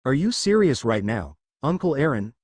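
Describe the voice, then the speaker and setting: An indignant teenage boy who keeps complaining, as a male narrator puts him on. His lines swing in pitch with a put-upon edge. The sound is dry and close. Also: big pitch swings, normal speed, a little mellow, dry recording. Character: exasperated teenage boy, nephew.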